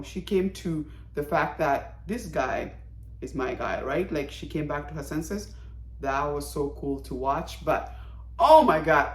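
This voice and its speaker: Animated woman reviewing a drama, echoey room. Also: lowish voice. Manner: animated, exclamatory, acts out characters' lines. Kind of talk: casual review vlog.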